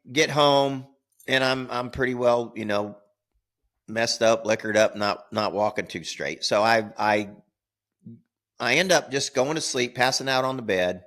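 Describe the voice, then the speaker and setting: An older man co-hosting a podcast tells a rambling story casually, repeating words and laughing at his own tale. His voice is mid-range and a bit bright.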